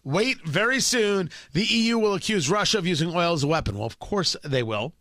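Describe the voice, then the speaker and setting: Male talk host, sarcastic and emphatic opinion delivery, bright, forceful tone. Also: sits high, lively intonation, a little fast, no echo, clean studio sound. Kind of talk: opinionated political talk commentary.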